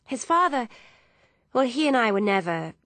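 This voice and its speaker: A woman voicing a young female film director, gentle and apologetic, speaking in an earnest, softly confiding way. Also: a little high, sing-song, normal speed, dry recording, pitched above the performer's own voice. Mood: tender.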